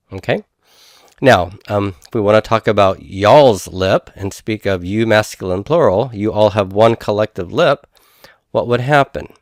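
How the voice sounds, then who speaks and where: A man's voice: low voice, no echo, clean studio sound. A middle-aged man teaching Hebrew grammar in a recorded lecture, patiently sounding out syllables one at a time.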